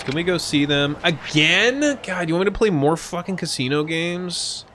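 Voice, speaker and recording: A young man live-streams a game, offering casual gameplay commentary packed with swearing and jokes. His voice sits on the high side and sounds a bit bright, with slight background noise.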